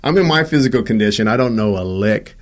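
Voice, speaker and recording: A man's voice: fairly low pitch, animated, fast. A man sharing a personal story in casual conversation, acting out the dialogue of the people in it with frequent restarts. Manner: acts out quoted dialogue, many restarts. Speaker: host telling his own story.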